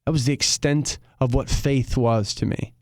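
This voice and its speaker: A man's voice: medium pitch, fairly even intonation, normal speed, darkish tone, dry recording. A young adult man, a guest musician in casual chat, talking in a reflective way and joking in between, recorded on a close studio mic.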